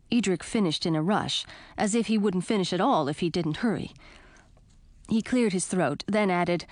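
A woman reading a first-person storybook aloud in an expressive, animated way. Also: on the low side, normal speed, no room sound. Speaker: audiobook narrator.

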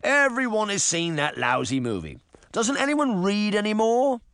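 A man's voice: on the high side, very animated, moderate pace, a bit bright, no room sound, clean studio sound, pitched above the performer's own voice. A man voicing an old, gray-haired pirate boss who talks in a pompous, self-satisfied way in a storybook reading. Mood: smug.

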